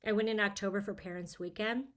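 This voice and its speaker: A woman's voice: medium pitch, steady tone, fast. A middle-aged woman talking casually with friends. She tells personal stories about her kids leaving home in a candid, emotional way. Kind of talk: casual chat.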